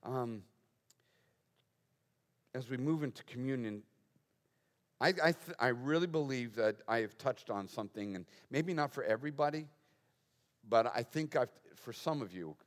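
A man's voice: medium pitch, normal speed, long pauses, long reverb tail. A man preaching a conversational sermon as pastor, asking the congregation rhetorical questions with touches of humor.

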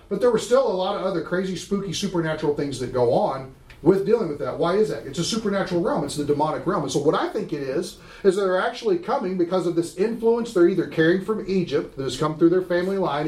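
A man's voice: on the high side, a little mellow. A man teaching a Bible class, emphatic and often asking the class questions. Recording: roomy room echo.

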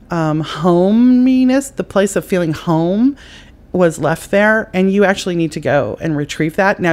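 A woman hosting a podcast, giving spiritual advice in an unhurried, meandering way and speaking straight to the listener. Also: on the low side, a little mellow. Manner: intuitive, meandering, addresses the listener directly; unhurried, with frequent fillers and self-corrections. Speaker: psychic advice podcast host.

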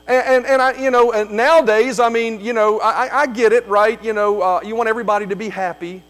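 A man's voice: high voice, steady tone, fairly quick, soft background music. A man preaching a sermon as pastor, emphatic, repeating key phrases, with frequent fillers.

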